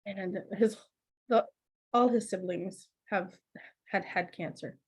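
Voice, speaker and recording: A middle-aged woman, a podcast guest telling family stories in a lively, laughing, conversational way. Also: mid-range voice, takes it slowly, slightly rough. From Canada. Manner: laughs often, animated anecdotes with acted quotes. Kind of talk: conversational storytelling.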